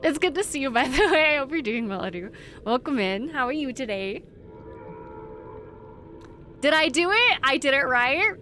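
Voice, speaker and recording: A woman's voice: sits high, big pitch swings, normal speed, pauses often, pushed and bright, a little hiss or hum. A young woman streaming a game from home, chatting and giggling with her viewers and her dog into a desk microphone. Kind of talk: casual live-stream chat. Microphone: desk microphone on a squeaky stand.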